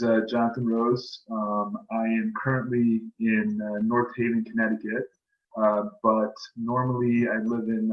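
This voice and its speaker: A man talks in an even, flat tone and keeps stopping on fillers. His voice comes through dull, muffled call audio. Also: on the low side. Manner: halting, with many fillers. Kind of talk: video call check-in.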